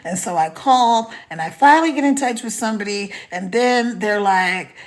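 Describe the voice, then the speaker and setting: A woman's voice: medium pitch, normal speed. A woman hosting a live stream, chatting casually, telling a story with laughs and greeting viewers by name.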